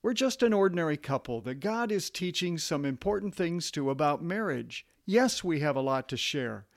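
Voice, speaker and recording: A man's voice: on the high side, expressive, moderate pace, creaky. A man co-hosting a marriage podcast, reading in an earnest, plain-spoken way. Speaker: podcast co-host.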